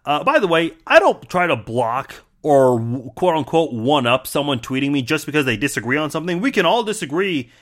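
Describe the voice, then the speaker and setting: A man's voice: on the high side, sing-song, fairly quick, few pauses, a bit bright. A man from Iran hosting a podcast, casually and wryly reacting to mean comments, with frequent filler words. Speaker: podcast host.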